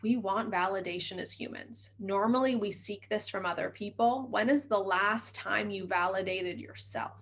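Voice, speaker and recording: Working through steps with her listeners, a woman who is a mindset coach hosts a self-help podcast, encouraging and upbeat, and quick in her delivery. Her voice is medium-pitched.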